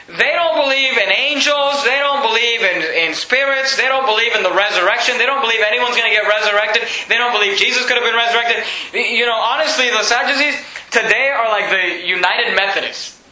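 High, bright-voiced man preaching a sermon. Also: brisk. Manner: lively preaching, reads scripture aloud and acts out the people in it. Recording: echoey room.

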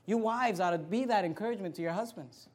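Guy preaching a sermon, high voice, gets loud and acts out the quotes, cracks jokes at the crowd. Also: quick pace. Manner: animated preaching with acted-out quotes and sudden loud bursts; humorous asides to the congregation. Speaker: pastor.

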